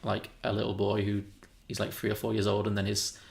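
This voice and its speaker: Fast-talking gravelly man. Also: lowish voice, monotone, a little mellow. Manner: rambling, self-correcting, chuckling. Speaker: podcast co-host. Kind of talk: casual film chat.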